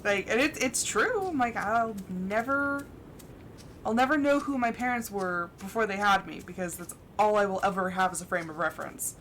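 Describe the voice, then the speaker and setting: Over background game music, a young woman streamer chats while she plays, laughing often and acting out what she's thinking. Her voice is medium-pitched, animated and fairly bright at a moderate pace, and the poor audio has slight background noise.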